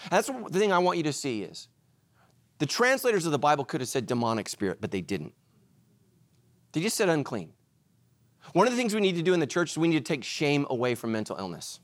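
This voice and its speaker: A man preaching a sermon as pastor, animated, swinging between loud emphatic lines and hushed ones. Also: on the high side, brisk, pauses often, no echo.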